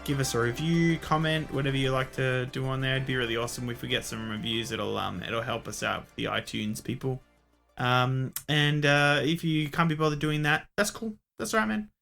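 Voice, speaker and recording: A man's voice: medium pitch, fairly quick, creaky, a bit bright, soft background music. A man with an Australian accent, co-hosting, rambling in a laid-back way and swearing freely. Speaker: podcast co-host. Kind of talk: casual podcast outro chat.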